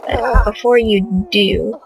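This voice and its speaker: A woman's voice: medium pitch, fairly even intonation, takes it slowly, gravelly, noisy background. A young woman hosting a casual let's play, commenting on her game, often exasperated and cursing at the characters she controls. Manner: exasperated, swears a lot, scolds the game characters. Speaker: gaming channel host.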